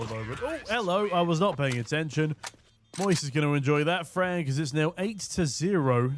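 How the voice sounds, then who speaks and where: A hoarse young man casting an esports match from a booth, with quick, joking play-by-play. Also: fairly high pitch, animated, a little hiss or hum. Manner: quick, jokey, punning play-by-play. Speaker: esports caster. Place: casting booth at a live event.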